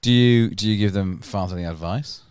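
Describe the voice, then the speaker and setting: A man's voice: fairly low pitch, normal speed, a little mellow, clear, resonant tone, dry recording. A man co-hosting a podcast, chatting bluntly with lots of swearing and laughter. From United Kingdom. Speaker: podcast co-host. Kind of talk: casual sweary banter.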